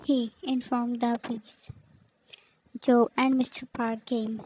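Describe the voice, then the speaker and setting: A woman narrating a fanfic story, reading in a flat, even way and reading out the speaker tags. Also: a little high, takes it slowly, a little hiss or hum, poor audio.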